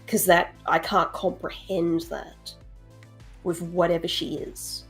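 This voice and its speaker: A woman's voice: fairly low pitch, level tone, takes it slowly, faint music behind. A woman chatting casually as a stream guest, thoughtful and drawing out her phrases. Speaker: co-host guest.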